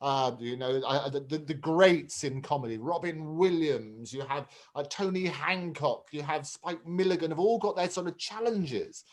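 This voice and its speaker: A man's voice: a little high, normal speed, hardly any pauses. A middle-aged man hosting a chat show, enthusiastic and prone to repeating words while he gathers his thoughts. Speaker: host. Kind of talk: casual chat.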